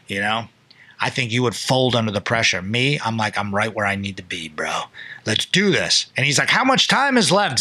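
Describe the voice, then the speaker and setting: A young man casually telling a loose, profane story on a podcast, jumping into quick impressions of people. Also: medium pitch, sharp tone, no echo.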